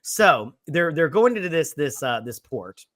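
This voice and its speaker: A man co-hosting a casual movie review podcast, animated, acting out characters' lines and swearing freely. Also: fairly high pitch, measured pace, dry recording, clean studio sound. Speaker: podcast co-host.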